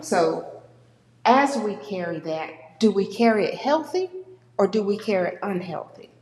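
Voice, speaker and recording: A woman giving a conversational church talk on grief, acting out the people she quotes. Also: medium pitch. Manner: warm conversational, acts out quoted people with lively voices. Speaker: speaker at a church. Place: church sanctuary. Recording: echoey church hall with long reverb.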